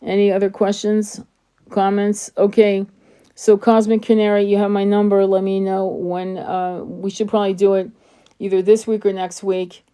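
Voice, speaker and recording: A woman's voice: mid-range voice, flat delivery, normal speed, dark tone, clean tone. A woman hosting a live stream, talking casually and bluntly, swearing freely and restarting her sentences, her throat sore and tired. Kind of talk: casual livestream chat.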